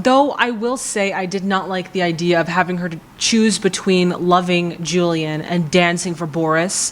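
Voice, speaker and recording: Young female reaction host, lowish voice, casual, emotional, rambling review.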